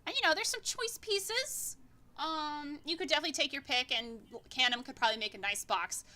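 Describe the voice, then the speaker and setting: A woman's voice: high-pitched, expressive, a little fast, bright, forceful tone. A woman narrating as game master in a tabletop game, rambling, swearing freely and laughing often.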